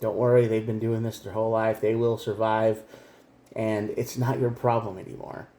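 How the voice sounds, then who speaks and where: Blunt, mellow-voiced man reading tarot. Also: fairly low pitch, little pitch movement, moderate pace. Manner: blunt, emphatic, talks straight to the viewer. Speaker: tarot reader. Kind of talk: direct-to-camera tarot reading. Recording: echoey room.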